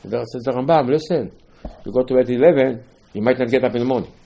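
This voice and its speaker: Male rabbi type, husky voice, mid pitch, emphatic repeating storyteller giving a religious lesson. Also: fast, mellow. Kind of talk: Torah lesson on Passover night.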